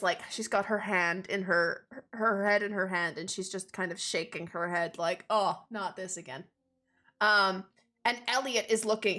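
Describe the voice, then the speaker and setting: A woman's voice: mid-range voice, a bit bright. A young woman narrating a tabletop game as game master, talking casually with filler words.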